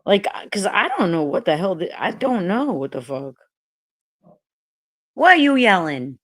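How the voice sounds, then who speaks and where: A woman hosts a casual livestream, talking bluntly and with plenty of profanity straight to her chat. Her medium-pitched voice is very animated yet unhurried, with long pauses, and there's no echo.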